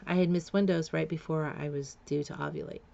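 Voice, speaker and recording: A woman recounts her own past in a candid, confessional way. Her voice sits low and carries a gravelly edge, and the recording sounds dull and lo-fi. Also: fairly even intonation, fairly quick, mellow. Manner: frank, confessional, blunt. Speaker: memoir storyteller. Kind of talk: candid personal storytelling.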